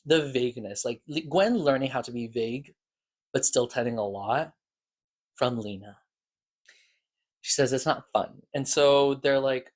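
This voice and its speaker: A man's voice: mid-range voice, unhurried, pauses often. A man giving a casual, rambling recap of podcast episodes as a reviewer, talking loosely and stopping to restart his thoughts.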